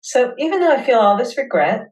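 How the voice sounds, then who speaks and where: A woman hosting a webinar, leading listeners through a guided tapping session with slow, soothing affirmations. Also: a little high, sing-song, a little mellow, recorded from a distance, rough recording.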